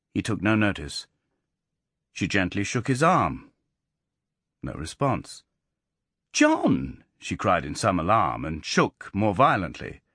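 A man narrating a literary audiobook in a measured, expressive storytelling manner. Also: lowish voice, dry recording, clean studio sound.

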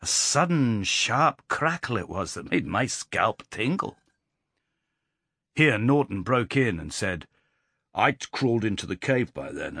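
Husky male audiobook narrator. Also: on the low side, no echo, studio quality. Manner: expressive storytelling, voicing characters in dialogue. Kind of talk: storytelling narration.

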